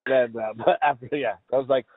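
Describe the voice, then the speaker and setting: A man's voice: mid-range voice, fairly quick. A man in his thirties co-hosting a podcast, telling stories in casual chat and swearing freely. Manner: swearing, animated storytelling. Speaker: podcast co-host. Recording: dry tinny phone-like sound.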